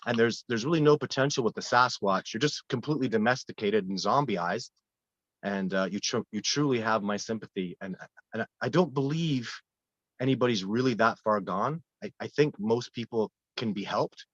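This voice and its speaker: A man who guides wilderness expeditions, telling earnest, animated stories in a casual interview with frequent restarts. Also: on the low side, moderate pace, no echo. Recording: dull, lo-fi dry sound.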